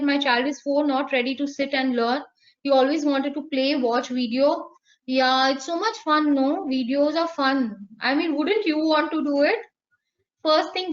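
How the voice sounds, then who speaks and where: A woman's voice: high-pitched, lo-fi sound. A woman giving an online lecture to teachers, answering their questions and acting out examples with animation. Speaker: teacher trainer.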